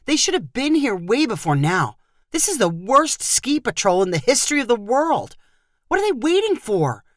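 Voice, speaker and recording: A woman's voice: on the high side, big pitch swings, normal speed, no room sound, voice pushed up. Woman doing young man, whiny, flippant, dry sound. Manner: whiny, complaining.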